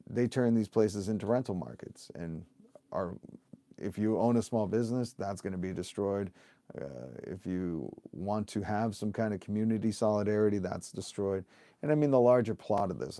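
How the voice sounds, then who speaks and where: A man's voice: fairly low pitch, dark tone, no echo, studio quality. A man in his thirties hosting a livestream, talking in an impassioned, emphatic way with lots of rhetorical questions, occasionally swearing. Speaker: livestream host and union organizer. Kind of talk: impassioned livestream rant to viewers.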